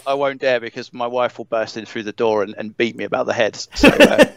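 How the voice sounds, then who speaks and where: A man's voice: medium pitch, lively intonation, moderate pace, no echo. A man as a podcast guest in casual conversation, explaining hesitantly and repeating words.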